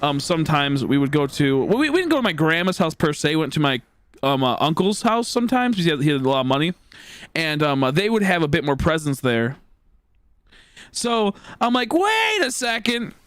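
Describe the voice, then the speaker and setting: Man in his twenties, streamer, casual rambling storytelling, lots of fillers and cussing, fairly high voice, dry sound. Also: expressive, fast, a bit bright, smooth, no room sound. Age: 20s. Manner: rambling, heavy on fillers and swearing.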